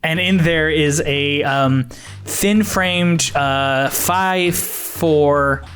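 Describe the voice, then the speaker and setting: A man running a tabletop game as game master, narrating in a rambling way, with many pauses and laughs. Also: a little high, fairly bright tone, faint music behind. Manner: rambling, hesitant, laughs often.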